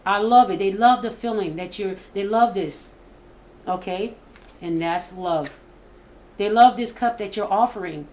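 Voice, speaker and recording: A middle-aged woman giving a casual spoken tarot reading, talking in a warm, repetitive way that often stumbles. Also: mid-range voice, a little slow. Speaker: tarot reader.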